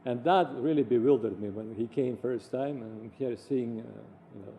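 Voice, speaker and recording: A man recounting personal anecdotes in an animated way, acting out the voices of the people he quotes. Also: mid-range voice, moderate pace, vocal fry, slight background noise.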